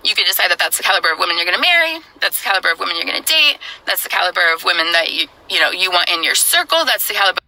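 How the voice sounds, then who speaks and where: A woman's voice: lowish voice, sing-song, racing, hardly any pauses, pushed and bright, rough recording. A woman speaking earnestly straight to the viewer in a played clip. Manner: earnest, lectures the viewer directly. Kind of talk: earnest direct-to-camera address.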